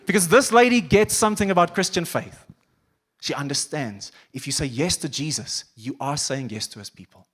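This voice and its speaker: A man preaching a sermon as pastor, animated, acting out quoted voices and dropping to quiet intensity. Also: on the high side. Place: church auditorium.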